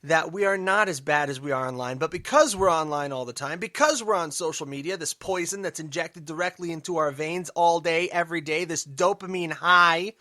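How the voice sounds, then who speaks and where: A man hosting a political commentary podcast, emphatic and sarcastic, dropping to mutters and then rising loud. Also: fairly high pitch, a little fast, few pauses, no room sound, studio quality. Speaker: podcast host.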